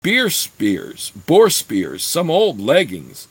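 A man's voice: medium pitch, sing-song, a little slow, fairly bright tone, husky, full character voice, low-quality recording. A man reading aloud voices a tall, earnest apprentice boy who speaks plainly. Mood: confessing.

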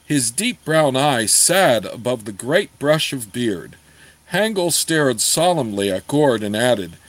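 A man reading a fantasy novel aloud in a steady storytelling manner. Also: mid-range voice, slow, dry recording, rough recording. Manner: steady storytelling, apologizes for page turns. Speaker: audiobook reader.

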